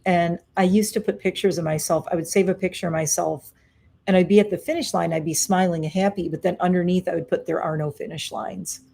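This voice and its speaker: A woman's voice: on the low side, steady tone, a little fast, gravelly, dark tone. A middle-aged woman vlogger chatting casually on a live stream, telling stories in a rambling, self-correcting way. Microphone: webcam or phone on a live stream.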